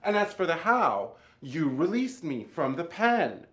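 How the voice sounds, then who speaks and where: A man's voice: a little high, sing-song, unhurried, fairly bright tone. A man voicing a flamboyant, theatrical male djinn spirit with a grandiose, teasing delivery. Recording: roomy echo.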